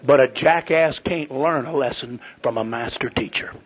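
A man preaching a sermon to pastors, telling folksy stories that swing from loud to hushed. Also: mid-range voice, normal speed. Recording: dull lo-fi sermon tape.

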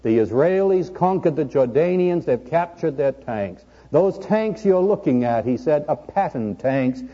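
A man preaching a sermon, his voice swinging up and down with a very dark, husky tone. He calls his listeners "friend" and slows down for emphasis. The dull old recording carries a long hall reverb. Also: on the high side, animated. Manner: addresses listeners as friend, dramatic pauses. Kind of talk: sermon on prophecy.

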